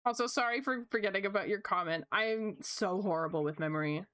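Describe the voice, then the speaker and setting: A young woman chatting casually as she draws on a livestream, bubbly and gushing with quick asides. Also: mid-range voice, fairly bright tone. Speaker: streamer. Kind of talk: casual chat while drawing.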